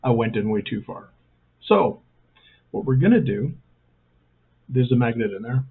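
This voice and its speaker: A man's voice: medium pitch, lively intonation, a little slow, husky. A man hosting a casual step-by-step hobby tutorial, talking in a rambling way with self-mocking jokey asides. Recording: thin phone-like sound.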